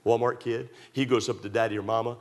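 A man preaching a sermon, emphatic and repetitive, rising to loud pleas and dropping to quiet asides. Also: medium pitch, level tone, fast talker. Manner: emphatic, repetitive, swings between loud pleading and hushed asides. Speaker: pastor.

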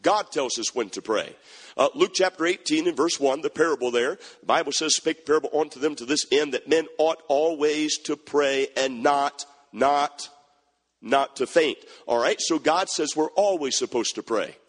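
A man's voice: a little high, normal speed, long reverb tail. A man preaching a folksy sermon, quoting scripture and repeating key phrases. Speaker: pastor.

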